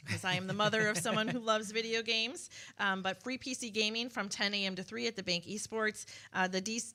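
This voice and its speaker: Bright woman guest on a radio chat, running through events fast, lots of ums. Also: mid-range voice. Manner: quick, listing events, many ums. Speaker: guest from local events group.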